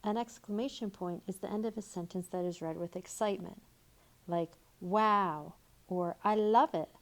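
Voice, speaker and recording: A woman teaching a recorded grammar lesson, reading example sentences slowly and deliberately. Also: fairly low pitch, steady tone, mellow. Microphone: tablet microphone.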